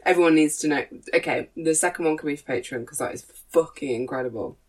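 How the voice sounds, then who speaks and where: A woman's voice: deep voice, fast, slight background noise. A woman hosting a podcast in casual chat, bubbly and jokey, swearing freely. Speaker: podcast host.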